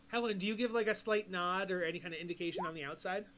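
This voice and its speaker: High, bright-voiced male game master. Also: quick pace, a little hiss or hum. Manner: laid-back, laughs often, explains rules patiently. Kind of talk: running a tabletop game online.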